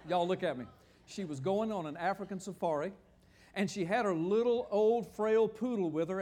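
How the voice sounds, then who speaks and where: High-voiced older pastor preaching. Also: male voice. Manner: animated, joking, asks the audience questions. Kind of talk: sermon teaching with slides.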